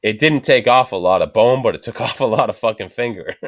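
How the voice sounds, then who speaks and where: As a guest on a podcast, a man in his thirties spins a casual, animated yarn in a mid-range voice that runs a little fast. Profanity is constant, and he acts out the other characters' voices.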